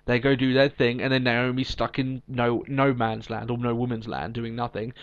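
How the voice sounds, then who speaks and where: A man co-hosting a casual podcast, recapping in a chatty way full of ums and restarts. His voice sits at a middle pitch. The audio is dull and lo-fi. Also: flat delivery, normal speed. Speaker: podcast co-host. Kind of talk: casual chat.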